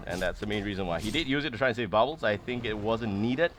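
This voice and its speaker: A man casting an esports match with rapid, excitable play-by-play that rises loud on big plays. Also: fairly low pitch. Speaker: esports caster.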